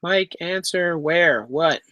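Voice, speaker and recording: A Canadian man runs a casual Q&A live stream from a home room with pet enclosures, reading the chat aloud through his laptop microphone, joking and swearing in a laid-back way. His voice is on the high side and sharp in tone, with a slow pace and a dry recording.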